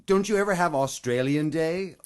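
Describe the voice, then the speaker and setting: A man's voice: fairly high pitch, moderate pace, crowd noise. A man, a voice actor guest, talking in a casual, earnest and rambling way with side digressions. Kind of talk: casual interview chat.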